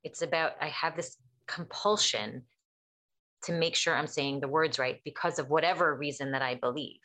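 A woman's voice: low voice, moderate pace. A woman therapist explaining things in casual chat, acting out quoted dialogue as she tells stories. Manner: animated storyteller acting out quotes.

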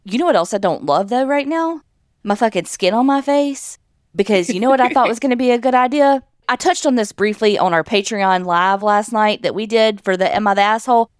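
A woman's voice: on the high side, brisk, clean tone, no room sound, studio quality. A woman co-hosting a podcast, chatting casually and telling stories with lots of swearing and laughter. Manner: animated storyteller, swears freely, laughs often. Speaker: podcast co-host. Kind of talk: casual chat.

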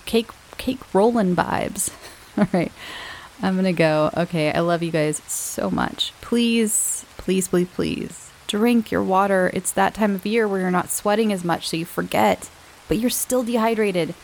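A woman hosting her own podcast, chatting casually and warmly to her listeners with fillers and little laughs. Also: medium pitch, normal speed, slight background noise, poor audio. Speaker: podcast host. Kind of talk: casual chat.

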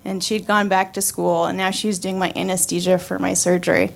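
A woman's voice: on the low side, level tone, fairly quick, vocal fry. A woman around thirty telling a personal story live, casual and wry, with many fillers and restarts.

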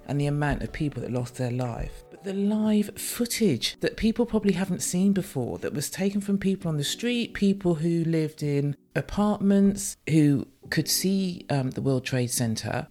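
A woman's voice: low voice, a little mellow. A woman from the UK, hosting a solo podcast and speaking frankly and emotionally, swearing freely. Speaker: podcast host.

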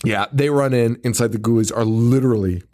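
A man's voice: medium pitch, a little fast, dark tone. A man co-hosting a podcast, casually recapping a movie in a rambling way, swearing freely, laughing often and mimicking characters. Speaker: podcast co-host.

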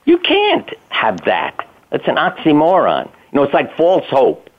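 An older man, a doctor appearing as a guest, tells stories in a relaxed, conversational way, chuckling and acting out what people said. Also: a little high, a little slow. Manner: conversational storyteller, chuckling, acts out quotes. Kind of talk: casual storytelling interview. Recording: tinny phone line.

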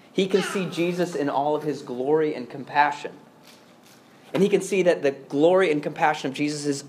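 Earnest male preacher, fairly high voice. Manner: earnest preaching, dropping to a hush and rising with emphasis. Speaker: pastor. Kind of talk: sermon.

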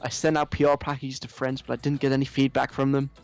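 An entitled young woman influencer with an American accent, as a man puts her on. She is whiny and self-pitying and talks at a middling pitch. Faint music plays underneath. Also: completely flat delivery, fast talker, creaky, darkish tone, natural voice. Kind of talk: mock reading of a social post.

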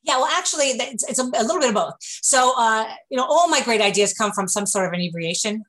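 A woman's voice: fairly high pitch, fast talker, low-quality recording. A woman with a New York accent, a business owner joking and laughing through a video call interview with lots of fillers and restarts. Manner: joking, animated, laughs often, many fillers.

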